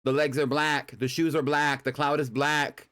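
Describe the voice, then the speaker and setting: A man's voice: fairly high pitch, level tone, normal speed, fairly bright tone, clear, resonant tone. A man co-hosting a live fashion review stream, talking in a sassy, blunt, teasing way. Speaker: co-host reviewing fashion submissions. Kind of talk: casual livestream chat.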